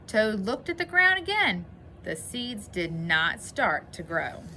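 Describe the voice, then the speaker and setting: A woman teacher giving a phonics lesson to children and reading a story aloud, clearly enunciating in an encouraging way. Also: medium pitch, sing-song, slow, sharp tone, a little hiss or hum.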